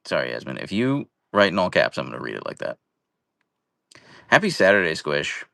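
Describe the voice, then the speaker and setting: A man's voice: very deep voice, big pitch swings, fairly quick, creaky, bright, forceful tone, no room sound, studio quality. A young man hosting a casual live stream from home, chatting playfully and greeting viewers by name. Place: at home, indoors.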